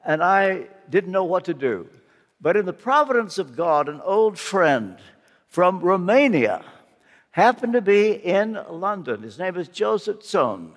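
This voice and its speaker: A man's voice: high voice, very animated, unhurried. An older man preaching a sermon, telling a personal story in an earnest, emphatic way. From United States. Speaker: guest preacher. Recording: long hall reverb.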